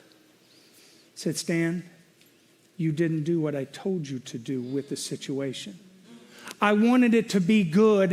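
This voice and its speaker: A middle-aged male pastor with a high-sitting voice preaches a sermon built around a personal story, shifting between loud venting and quiet reflection.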